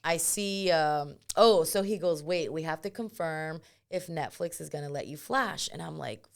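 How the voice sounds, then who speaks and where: Profane, animated young woman telling stories. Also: sits low, normal speed, creaky. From California. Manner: animated, profane, laughs often, acts out quotes. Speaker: comedian and podcast guest. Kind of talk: casual storytelling chat.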